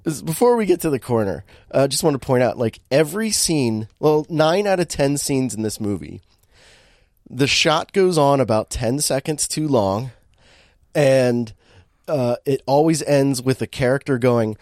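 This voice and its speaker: A man's voice: medium pitch, normal speed, no room sound, clean studio sound. A man co-hosting a podcast, recapping a bad movie in casual chat, laughing often as he tells it. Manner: animated storytelling, laughing often, many restarts. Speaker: podcast co-host.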